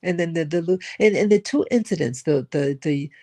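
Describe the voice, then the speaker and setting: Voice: mid-range voice, fairly quick, warm tone. An older person telling a personal story in a rambling, reflective way, often repeating and restarting words. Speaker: spiritual vlogger.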